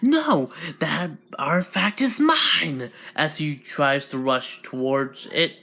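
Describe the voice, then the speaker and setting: Man improvising fan story narration, slow rambling delivery, lots of restarts. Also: medium pitch, pushed and bright, clear, resonant tone. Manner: rambling, many restarts and filler.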